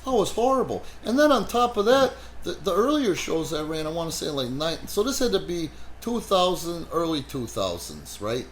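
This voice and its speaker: Brash man, podcast host, swears freely, lively storyteller, slight noise under the voice. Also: a little high, moderate pace, few pauses. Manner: animated, swears heavily, frequent "you know". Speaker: wrestling promoter and podcast host. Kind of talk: casual profane podcast storytelling.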